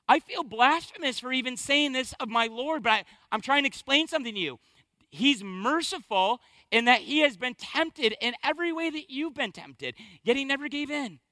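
A man preaching a sermon as pastor, impassioned, swinging from hushed to loud. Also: extremely high pitch, animated, normal speed, no room sound.

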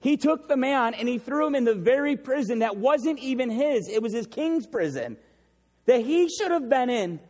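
A man's voice: very high-pitched, animated, normal speed, a little mellow. A man preaching a sermon as pastor, emphatic and repeating key phrases for effect. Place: church sanctuary. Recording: long reverb of a large hall.

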